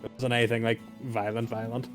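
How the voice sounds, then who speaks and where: A man playing a tabletop game who describes his character's actions in a relaxed way, hedging with fillers. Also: mid-range voice, fast talker, faint music behind. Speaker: player.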